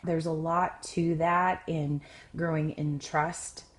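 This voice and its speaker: A woman relationship coach and podcast host, telling personal stories in a loud, expressive, candid conversational way. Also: sits low, slow.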